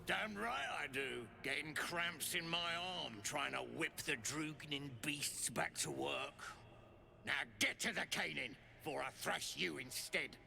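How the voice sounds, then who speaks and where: A bullying overseer in a video game, snarling orders in a rough, gravelly voice that sits a touch higher than most men's. He is short-tempered and threatening. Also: lively intonation, unhurried, bright, forceful tone, exaggerated voice. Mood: bossy.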